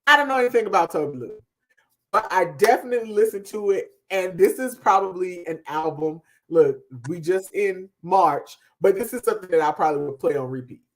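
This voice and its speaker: A woman co-hosting a podcast, giving a casual, emphatic music review that trails off softly at the ends of thoughts. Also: lowish voice, fairly quick. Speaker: podcast co-host.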